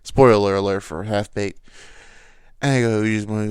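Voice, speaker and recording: A man's voice: lowish voice, steady tone, normal speed, darkish tone, smooth, dry recording. A man hosting a podcast, telling a rambling, self-deprecating comic story on a close mic. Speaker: podcast host. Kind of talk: casual comedic monologue.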